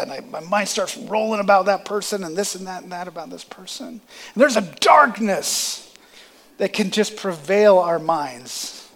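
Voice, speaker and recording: A man's voice: sits high, animated, normal speed, a bit bright. A man preaching a sermon, calling out to his congregation with rising emphasis. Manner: preaching with rising emphasis and audience call-and-response.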